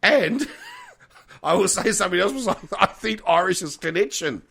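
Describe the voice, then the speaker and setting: A middle-aged man chatting as a podcast co-host, his voice sitting a bit higher than most men's. He talks in a frank, animated way, drops swear words freely and often laughs mid-sentence. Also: unhurried, creaky, slightly rough. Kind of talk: casual chat.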